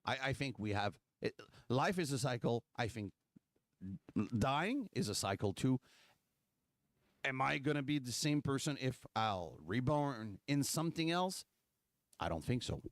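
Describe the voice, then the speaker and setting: A man, talking loosely and sarcastically as the host of a political livestream. His pitch jumps around a lot, and he often restarts his sentences. The sound is dry and close, with almost no room around it. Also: expressive, unhurried, pauses often, no room sound. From Quebec, Canada. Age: 40s. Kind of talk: casual political talk.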